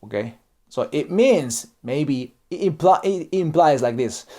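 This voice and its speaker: A man's voice: on the high side, animated, unhurried, darkish tone. A Japanese man with a Japanese accent, speaking non-native English as he explains Japanese customs in a casual online lesson, often checking in with "okay?" and "right?". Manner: acts out example dialogues. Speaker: YouTuber explaining Japanese culture.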